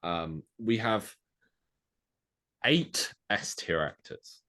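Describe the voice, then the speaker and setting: A man's voice: lowish voice, lively intonation, drawn-out words, pushed and bright. A man co-hosting a casual podcast, dryly reading out and ranking lists of actors. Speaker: podcast co-host. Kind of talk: casual chat.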